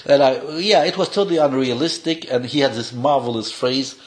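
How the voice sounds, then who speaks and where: An older man, a cinematographer, telling animated, rambling stories in casual, non-native English with restarts. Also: mid-range voice, fairly quick. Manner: rambling, animated anecdotes with frequent laughs and restarts. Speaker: cinematographer being interviewed. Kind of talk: casual anecdotal storytelling.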